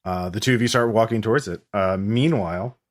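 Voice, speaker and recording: A man runs a tabletop game in a very low voice, narrating slowly with frequent ums and pauses. His delivery is hesitant but atmospheric. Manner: halting, many ums, slow and atmospheric. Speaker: game master.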